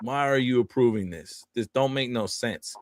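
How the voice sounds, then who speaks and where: A man's voice: medium pitch, normal speed, no echo. A man co-hosting a podcast, ranting casually and animatedly with lots of swearing. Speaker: podcast co-host.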